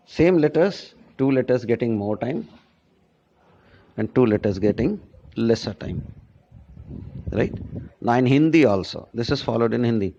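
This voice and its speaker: A man giving a classroom lesson on pronunciation, deliberate and repetitive, often checking in with "right?". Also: medium pitch, lively intonation, dark tone, highs cut off. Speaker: English teacher.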